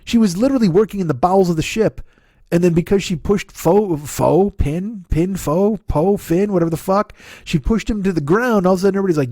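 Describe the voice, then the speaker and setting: A man's voice: sits high, fairly quick, dark tone, no echo, studio quality. A man in his forties doing a profane, ranting comedy podcast monologue, full of laughs and restarts. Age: 40s. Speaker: podcast host.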